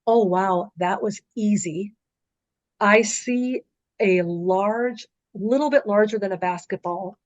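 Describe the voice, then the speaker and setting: A middle-aged woman speaks as a podcast guest, telling a story in a vivid, conversational way full of little fillers. Her voice sits at an ordinary pitch. The recording is close and dry, with a slightly dull, muffled tone. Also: dry recording. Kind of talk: recounting a dream in conversation.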